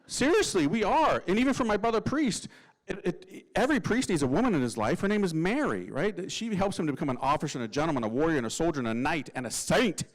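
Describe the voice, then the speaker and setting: A male priest telling his story with humor and slang, and he mimics the people in it. His voice sits a little higher than most men's. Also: fast, low-quality recording. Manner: lively, slangy, acts out voices. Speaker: Catholic priest.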